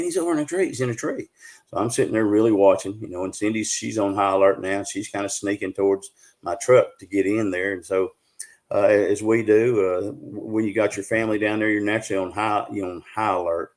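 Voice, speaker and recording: A Southern man with a low voice, appearing as a Bigfoot researcher guest on a live show, tells a casual story. His tone is level and a bit dark, and the telling is folksy and stretched out, packed with fillers.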